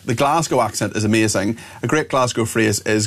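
A man's voice: medium pitch, brisk, few pauses. A man with a Northern Irish accent hosting a talk radio show, reading out listener messages with chatty asides. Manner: chatty, reads texts aloud with asides.

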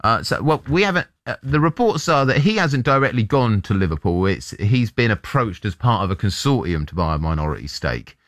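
A man's voice: lowish voice, big pitch swings, brisk, few pauses, a bit bright, dry recording, studio quality. A man co-hosting a radio show, chatting about the papers with mock-fussy remarks. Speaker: radio co-host. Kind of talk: casual chat, newspaper review.

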